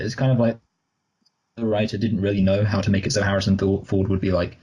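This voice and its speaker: Low, husky man rambling in casual chat. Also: little pitch movement, fast talker, dark tone, low-quality recording. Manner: rambling, self-correcting, joking asides. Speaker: podcast co-host. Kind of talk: casual movie review chat.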